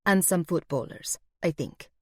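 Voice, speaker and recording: A blunt waitress with a thick Eastern European accent, as a woman narrator puts her on, flat and matter-of-fact. The voice sits low and sounds set back from the microphone in an audiobook recording. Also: measured pace, dry recording, clean studio sound. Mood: bland.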